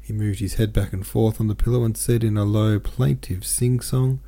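A man reading a novel aloud as a podcast host, in a gentle, even storytelling manner with soft voices for the characters. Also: on the low side, moderate pace, hardly any pauses. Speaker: audiobook reader.

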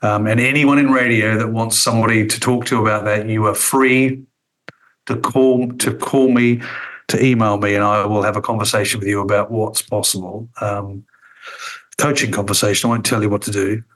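Middle-aged man, low register, thoughtful interview guest who hesitates often. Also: fairly even intonation, normal speed, a bit bright, low-quality recording. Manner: reflective, frequent ums and restarts. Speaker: interview guest, former radio executive. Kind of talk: conversational interview.

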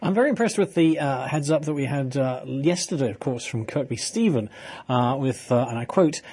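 A man hosts a talk radio show from the studio. His voice is slightly husky, and his talk runs chatty, wry and teasing as he banters with callers and co-hosts. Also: mid-range voice, lively intonation, moderate pace, a little mellow. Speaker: radio presenter.

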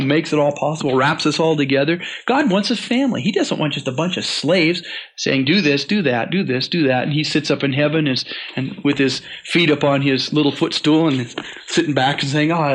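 A man giving an earnest Bible teaching, slowing down to stress the verses he reads and often restarting his sentences. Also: fairly high pitch, a bit bright, poor audio. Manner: earnest, slows and stresses scripture readings; frequent restarts and repeated words. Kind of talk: teaching sermon.

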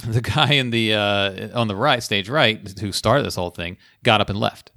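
Lively comedian telling a story. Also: male voice, fairly low pitch, moderate pace, no room sound, studio quality. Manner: animated storyteller, acts out quotes. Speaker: stand-up comedian, podcast guest. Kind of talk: casual storytelling chat.

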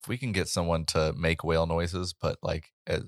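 A man's voice: low voice, flat delivery, normal speed, no echo, clean studio sound. A man co-hosting a podcast in casual chat, playful and giving brief reactions. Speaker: podcast co-host.

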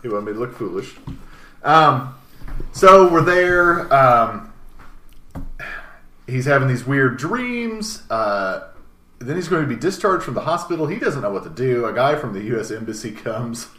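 A man's voice: mid-range voice, very animated, unhurried, sharp tone. A man hosting a casual film discussion podcast, laughing often as he retells the story. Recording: echoey room, faint noise.

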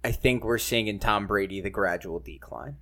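A man's voice: on the low side, normal speed, sharp tone. A man co-hosting a casual sports podcast, rambling and leaning on "like" and "you know". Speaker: podcast co-host.

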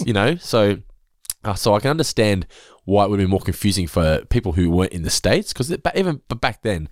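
An Australian man in his thirties, co-hosting a casual chat, animated and sweary. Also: fast, no room sound, clean studio sound. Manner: animated and sweary, swings into high excited bursts. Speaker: podcast co-host.

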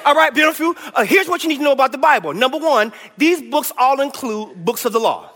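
This preacher's very high voice is expressive, pushed and bright, and he talks fairly quickly while leading a Bible lesson. Enthusiastic, he keeps urging the congregation to shout out answers, and the church hall recording is full of echo.

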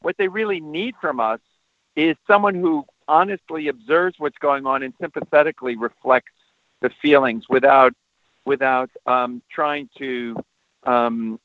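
A man answering interview questions as a parenting expert, explaining at length and turning animated when he shows how to talk to children. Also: medium pitch, no room sound. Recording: tinny phone line, dry.

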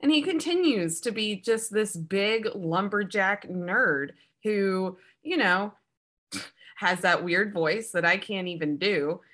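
A woman co-hosting a podcast, riffing playfully and deadpan through a casual comedic film review. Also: mid-range voice, slow pace. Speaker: podcast co-host.

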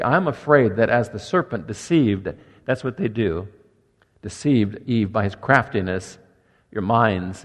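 An older man preaching a sermon as pastor, emphatic, with quiet softer asides. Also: fairly low pitch. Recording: long echo of a church hall.

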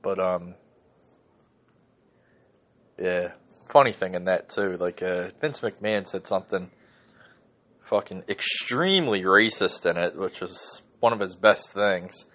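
Low-voiced, profane man ranting. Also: slow, pauses often, a bit bright. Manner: profane, rambling, with frequent fillers and throat-clearing. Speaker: podcast host. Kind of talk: ranting casual monologue.

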